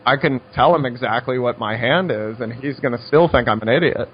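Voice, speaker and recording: A man's voice: mid-range voice, normal speed, breathy edge, dull audio. Wry man explaining poker strategy. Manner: wry, conversational storytelling with dry asides. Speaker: poker coach. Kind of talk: instructional poker talk.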